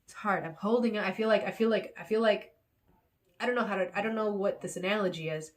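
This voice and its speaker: A woman's voice: mid-range voice, fast talker. A woman vlogging in rambling, repetitive self-talk, encouraging herself.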